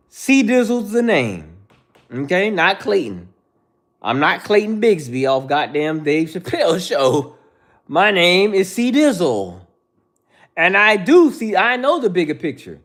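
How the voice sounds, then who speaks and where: A man's voice: a little high, a bit bright. A man in his thirties hosting a livestream, bluntly lecturing viewers in the chat with repetitive slang. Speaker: livestream host. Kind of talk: casual livestream rant.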